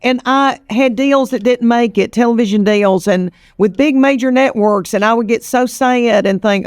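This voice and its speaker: A woman's voice: on the high side, normal speed, hardly any pauses, darkish tone. A woman in her fifties with a Southern East Tennessee accent, telling stories in a folksy, drawling interview manner and calling the listener honey. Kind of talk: casual interview storytelling.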